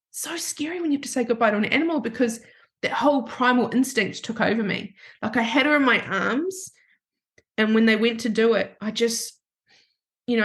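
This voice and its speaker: A woman counselor telling a personal story in a podcast interview, halting and breaking off her sentences to restart them. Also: medium pitch, fairly bright tone. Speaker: grief counselor guest.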